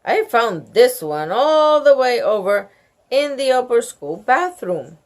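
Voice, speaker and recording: A woman voicing a stern, old-fashioned teacher who booms her words. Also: big pitch swings, slow pace. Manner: booming, bossy.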